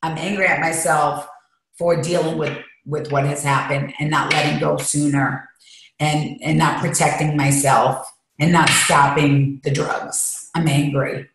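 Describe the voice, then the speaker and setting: A woman's voice: low-pitched, level tone, unhurried, slight background noise. A woman guest talking candidly and emotionally, rambling as she shares her feelings in an interview. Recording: echoey room.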